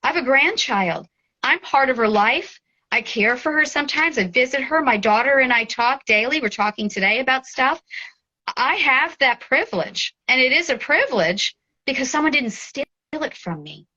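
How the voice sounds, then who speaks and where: A woman in her forties speaking as an interview guest, heartfelt and tearful, often halting and restarting. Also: high voice, lively intonation, pushed and bright, lo-fi sound. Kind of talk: emotional interview.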